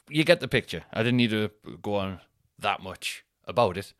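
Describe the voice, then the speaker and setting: A man's voice: on the low side, lively intonation, moderate pace, no room sound, clean studio sound. A man, rambling and swearing through a casual solo podcast chat. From North East England. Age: 30s. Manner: rambling and sweary, thinks out loud. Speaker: podcast host.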